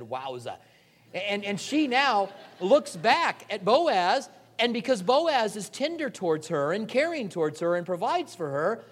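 A man giving a conversational sermon, retelling a story with jokes and acting out the characters' lines, often restarting with repeated "and, and". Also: high-pitched. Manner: animated, jokey, acts out the characters' lines. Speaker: preacher.

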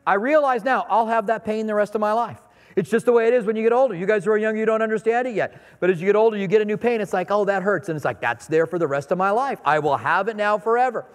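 A man's voice: sits high, quick pace. A middle-aged man preaching a sermon in a conversational, storytelling way, acting out little scenes in his anecdotes. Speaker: pastor. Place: church sanctuary. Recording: long reverb of a large hall.

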